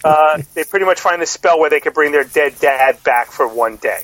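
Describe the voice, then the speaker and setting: A man's voice: on the high side, normal speed, a bit bright, no echo, poor audio. A middle-aged man co-hosting a podcast in casual chat, rambling with lots of fillers and restarts. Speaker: podcast co-host.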